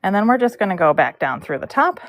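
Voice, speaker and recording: A woman's voice: medium pitch, big pitch swings, fast talker. Chatty woman telling a story while braiding. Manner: rambling, chatty, many fillers and asides. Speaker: live streamer braiding hair. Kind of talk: casual storytelling while working.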